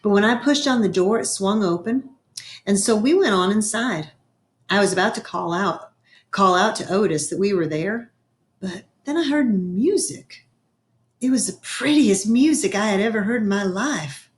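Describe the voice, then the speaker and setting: A woman reading a children's novel aloud in a gentle storytelling manner, slowing down for effect. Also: medium pitch, lively intonation. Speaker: reader. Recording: echoey room.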